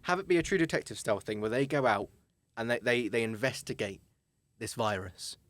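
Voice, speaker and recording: A young man co-hosting a podcast, talking in a casual, halting way with frequent restarts and teasing banter. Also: mid-range voice, fairly bright tone, dry recording. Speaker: podcast co-host. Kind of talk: casual chat.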